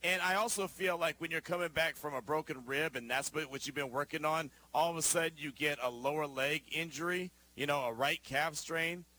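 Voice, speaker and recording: A man's voice: fairly high pitch, fairly quick, few pauses, sharp tone. A man hosting a sports talk radio show, talking emphatically and conversationally, often tossing in rhetorical questions.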